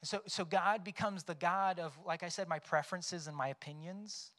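A man's voice: sits high, normal speed, sharp tone. A man preaching a sermon as pastor, conversational, often checking in with "right?" and telling stories that act out quoted lines. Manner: conversational, tags points with "right?"; storytelling, acts out quoted lines.

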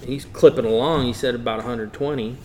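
A middle-aged hot rod racer tells a racing story in a casual interview, acting out the voices of the people he quotes and laughing often. His mid-range voice runs a little fast, with slight background noise.

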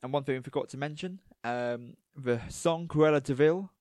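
A man, co-hosting a podcast in a relaxed, rambling chat full of fillers. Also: medium pitch, normal speed, no echo, studio quality. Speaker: podcast co-host. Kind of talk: casual chat.

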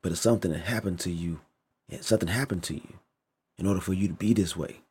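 A man with a low, dark voice and a husky edge talks straight to camera in a loose, unscripted rant. He swears freely, leans on slang and repeats phrases to hammer his points home. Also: fast. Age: adult. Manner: emphatic, repetitive, heavy swearing, slangy. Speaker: vlogger. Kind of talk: casual opinion rant.

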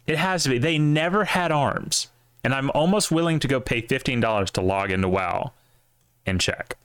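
A man co-hosting a casual podcast, talking with animated opinions and casual swearing. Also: mid-range voice, moderate pace, clear, resonant tone, dry recording, studio quality. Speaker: podcast co-host. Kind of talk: casual chat.

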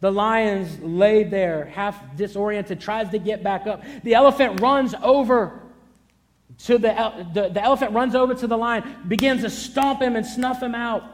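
A man's voice: sits high, normal speed. A man pastor delivering a sermon, with emphatic, repetitive declarations and storytelling.

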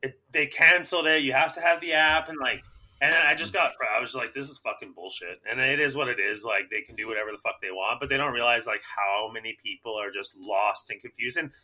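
A young adult man, a podcast co-host, ranting in a casual chat, profane and animated. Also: medium pitch, a little fast.

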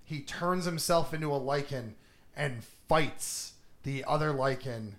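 A man's voice: medium pitch, unhurried. A man on a podcast, casually recapping a movie plot, swearing a lot and laughing as he goes. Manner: animated, swears a lot, laughs while retelling. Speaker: podcast host.

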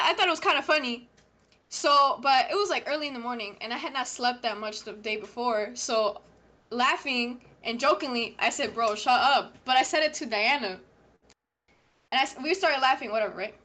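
A teenage girl in casual chat, telling an animated story full of fillers and quoted lines. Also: high voice, moderate pace. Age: teens. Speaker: podcast co-host.

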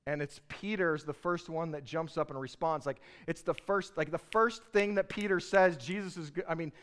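Guy preaching, casual storytelling vibe, kinda high voice, lively. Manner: conversational, animated storytelling preacher. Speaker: pastor. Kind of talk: sermon.

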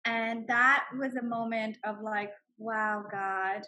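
A woman in her forties telling her personal story with animated emotion, laughing often. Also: a little high, slow pace. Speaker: guest sharing her story. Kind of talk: personal testimony.

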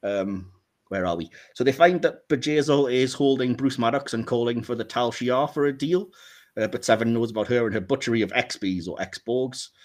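A man co-hosting a podcast in casual chat, animated and laughing often as he rants. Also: medium pitch, normal speed. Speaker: podcast co-host.

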